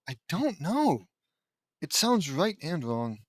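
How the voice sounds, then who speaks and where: A man reading a fanfic aloud with comedic commentary, exasperated and animated, his voice a little worn. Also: sits high, moderate pace, dry recording. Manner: exasperated, animated, laughing asides. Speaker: reader and commentator.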